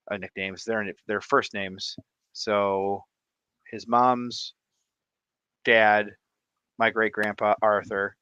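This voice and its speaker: Bright-voiced man, chatty livestream host. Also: fairly low pitch, clean tone, dry recording, muffled recording. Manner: rambling, laughs often. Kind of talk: casual chat.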